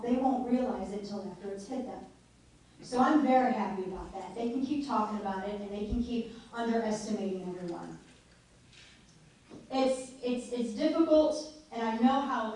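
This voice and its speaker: A woman's voice: medium pitch, darkish tone. Chatty woman speaking in an echoey hall. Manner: chatty and joking, laughs often. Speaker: guest speaker at a political meeting. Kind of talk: informal speech to a live audience. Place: meeting hall. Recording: echoey hall heard from far off.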